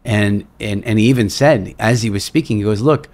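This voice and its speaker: A man who is a speaker and seminar leader, telling stories as a podcast guest and acting out quotes with lively energy. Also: lowish voice, a little fast. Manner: animated storyteller, acts out quotes, repeats words. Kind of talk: storytelling in a podcast interview.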